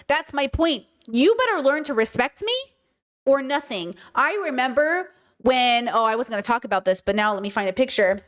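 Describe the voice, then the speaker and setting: A woman hosting a commentary livestream, talking emphatically and asking her audience rhetorical questions. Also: high-pitched. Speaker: streamer host.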